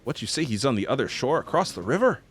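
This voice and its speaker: A man voicing a hearty male frontier villager from a video game, reading the lines aloud in a loud, theatrical way. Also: medium pitch, very animated, fast talker, voice pushed up, close to an everyday voice.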